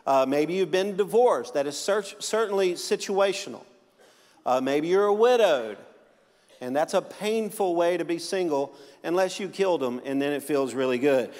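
High-voiced joking preacher. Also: male voice, lively intonation, moderate pace, a little mellow, long reverb tail. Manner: joking, conversational, frequent restarts. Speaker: pastor. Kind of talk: sermon.

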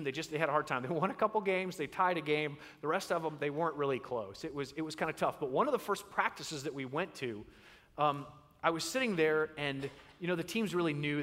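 A man preaching a sermon in a church, an animated storyteller who acts out the voices in his stories. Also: fairly high pitch. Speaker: pastor. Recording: long reverb in a large hall.

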